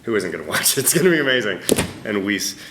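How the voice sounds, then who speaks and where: A man being interviewed as a voice actor at a press roundtable, talking in an animated, self-deprecating way with frequent laughter. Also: fairly low pitch, fast, very noisy. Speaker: voice actor guest. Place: convention press room.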